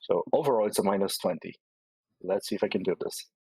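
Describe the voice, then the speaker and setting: Man, tabletop player, raspy voice, low pitch, questioning tone. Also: racing, dark tone, no echo, low-quality recording. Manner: checks rules with questions. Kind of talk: casual tabletop game chat.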